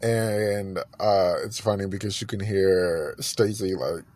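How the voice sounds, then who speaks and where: A man hosting a podcast, chatting in a gushing, animated way and repeating himself often. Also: low voice, slow. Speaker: podcast host. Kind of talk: casual music gossip chat.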